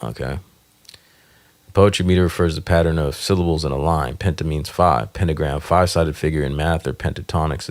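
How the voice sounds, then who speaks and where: A man's voice: a bass voice, vocal fry. A man talking casually to himself while writing a song, trying out lines and sometimes singing them. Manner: thinks aloud, sings lines over a beat. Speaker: music producer.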